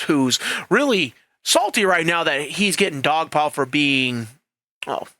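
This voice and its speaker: A man's voice: a little high, pushed and bright, dry recording, clean studio sound. A man hosting a casual commentary channel, chatty and profane, acting out quoted voices.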